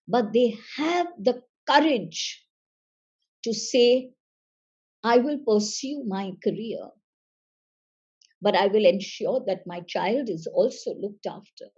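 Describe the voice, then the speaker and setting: A woman speaking as a seminar facilitator, in a measured, emphatic way that repeats phrases for weight. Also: a little high, warm tone, breathy edge, dull audio. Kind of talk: slow motivational seminar talk.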